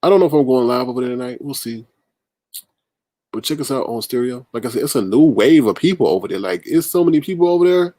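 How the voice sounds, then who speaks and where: Casting note: man, livestream host, mid pitch, dry close sound, emphatic and animated, reacts to chat. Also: fast talker, dry recording. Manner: animated, emphatic, talks back to chat comments. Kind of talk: casual livestream commentary.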